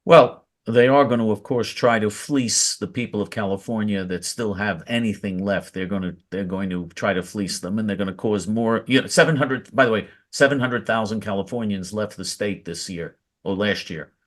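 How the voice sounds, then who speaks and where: A man's voice: lowish voice, normal speed, few pauses. A male host in casual political commentary, talking emphatically with short interjections.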